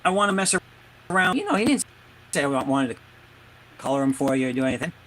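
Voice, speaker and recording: A man who creates comics, a guest on a video call, telling his story in a halting way, searching for words. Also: mid-range voice, big pitch swings, slight background noise. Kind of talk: casual interview chat.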